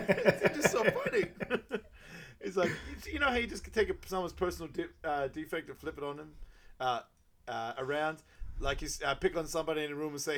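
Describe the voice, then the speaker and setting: A man's voice: fairly high pitch, a little fast. A man co-hosting a movie podcast, recapping a film in casual chat and laughing often as he quotes lines in a raised voice. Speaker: podcast co-host.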